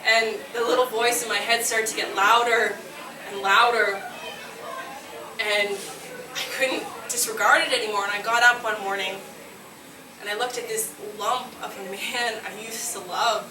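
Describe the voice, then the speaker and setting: A woman from Nova Scotia, Canada, in her late twenties, telling a brash, animated comic story on stage, often laughing at her own lines and yelling punchlines. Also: a little high. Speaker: solo comedy performer. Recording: roomy, distant, noisy live room recording.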